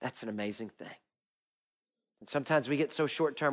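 A middle-aged man preaching a sermon, swinging between emphatic repeated lines and hushed low ones. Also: animated, a little fast, in a large hall. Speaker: pastor.

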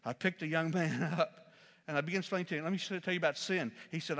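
A man preaching a sermon as an animated storyteller, jumping from loud exclamations to quiet, solemn asides. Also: a little high, fast, vocal fry, long reverb tail.

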